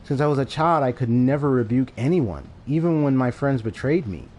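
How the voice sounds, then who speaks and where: A man voicing a timid, gentle young female dominatrix in a video game, speaking softly and apologetically. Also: medium pitch, lively intonation, normal speed, natural voice. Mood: earnest. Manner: soft, apologetic, hesitant.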